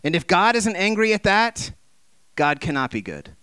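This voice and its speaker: A man's voice: very animated, normal speed, sharp tone, clean tone, dry recording. A man preaching a sermon, impassioned and conversational, firing off rhetorical questions and acting out the voices he quotes. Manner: acts out quoted voices with big swings in pitch and volume.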